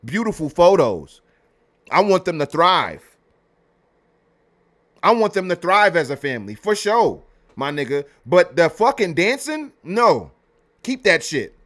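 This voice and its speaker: A man hosting a livestream, ranting in a heated, profane, animated way with loud bursts. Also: sits high, unhurried, long pauses. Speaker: livestream host.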